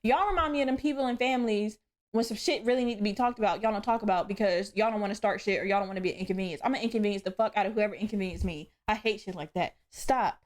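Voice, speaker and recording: A young woman hosting a solo podcast, telling stories in a blunt, profane, animated way. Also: medium pitch, rapid-fire. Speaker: podcast host. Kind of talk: casual solo podcast rant.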